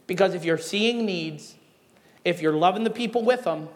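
A Midwestern pastor with a notably high voice preaches to his congregation. He tells animated stories, then drives home his points with emphatic exhortations. His voice carries with a long reverb, as if filling a large church hall. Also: normal speed. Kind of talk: sermon.

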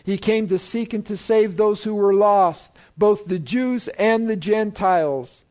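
A man with a notably high voice preaches with firm emphasis. He stresses key words and puts questions to the congregation, waiting for them to answer. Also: unhurried, darkish tone. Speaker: pastor. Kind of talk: sermon.

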